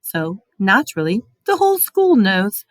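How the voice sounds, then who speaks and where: A woman voicing a calm, kindly old male headmaster wizard who speaks gently and formally, in a dry storybook reading. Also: medium pitch, unhurried, dry recording. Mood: gentle.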